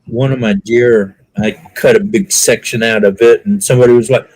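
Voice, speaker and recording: A man's voice: on the low side, normal speed, slightly rough, no room sound, low-quality recording. A man in a casual online group chat, telling an anecdote and acting out the other people's lines in a raised voice. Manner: animated storyteller who acts out quotes in a raised voice.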